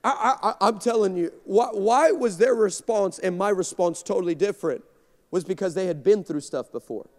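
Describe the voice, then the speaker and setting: A male guest pastor from Texas preaching a sermon, energetic and storytelling, often repeating words as he builds. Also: sits high, moderate pace. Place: large church sanctuary. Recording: long hall reverb in church.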